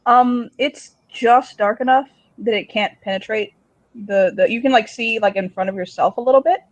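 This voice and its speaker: A man's voice: high voice, normal speed, no echo. A man narrating as game master in a tabletop game, rambling with many fillers and casual swearing. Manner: rambling, lots of likes and ums, casual swearing.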